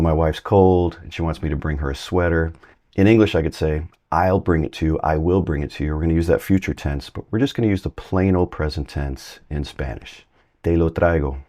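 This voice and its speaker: A man giving a relaxed, conversational Spanish lesson, explaining grammar through everyday examples. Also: very deep voice. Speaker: Spanish teacher. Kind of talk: casual language lesson.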